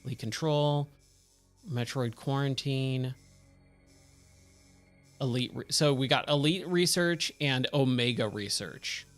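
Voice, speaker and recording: A man's voice: mid-range voice, slow, long pauses, faint music behind. A man giving casual, rambling commentary as he streams a game, thinking aloud and wandering off into tangents. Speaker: gaming streamer.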